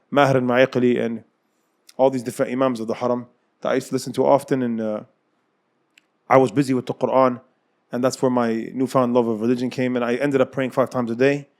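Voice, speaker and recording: A man in his thirties, an Islamic scholar telling his personal story as an interview guest, often repeating and rephrasing his words. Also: mid-range voice. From United States. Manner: fast, repeats and rephrases phrases.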